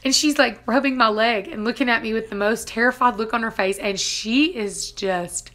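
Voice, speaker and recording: A woman's voice: on the high side, normal speed, bright, forceful tone. A woman vlogger casually retelling a dramatic personal story, laughing now and then between lines. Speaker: family homestead vlogger.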